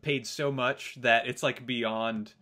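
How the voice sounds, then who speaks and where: Relaxed man co-hosting a podcast. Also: mid-range voice, takes it slowly. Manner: relaxed, hesitant with fillers. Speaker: podcast co-host. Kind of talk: casual chat.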